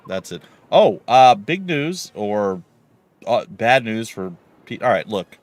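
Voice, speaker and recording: A man's voice: on the low side, sing-song, takes it slowly. A man streaming a game live, chatting casually and rambling with many fillers as he plays. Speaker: let's play streamer.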